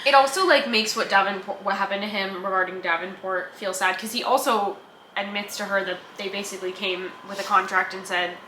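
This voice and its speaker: Woman, podcast co-host, joking commentary, bright tone, echoey room with faint hiss. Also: medium pitch, a little fast. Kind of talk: casual book review chat.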